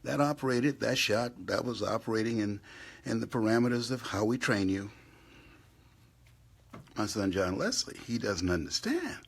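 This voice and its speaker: Man preaching fired up from a hotel room, gravelly rough voice, goes from whispers to yelling. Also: lowish voice, very animated, moderate pace, long pauses, slight background noise. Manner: fiery, swings from hushed whispers to loud outbursts. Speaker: motivational speaker. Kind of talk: impassioned live talk. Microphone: live stream.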